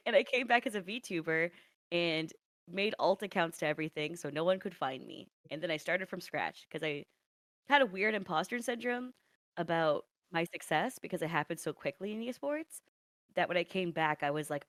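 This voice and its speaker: A woman's voice: on the low side, animated, moderate pace, fairly bright tone. A woman guest on a casual video-call interview, blunt and teasing, laughing often as she talks.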